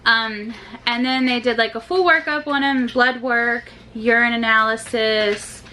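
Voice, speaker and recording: Young mom talking to her vlog viewers, kinda high voice, rambly with lots of asides. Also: fairly even intonation, measured pace, sharp tone, a little hiss or hum, low-quality recording. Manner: chatty, talks with many "like"s and loose asides. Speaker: vlogger and mother. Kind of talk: casual family vlog.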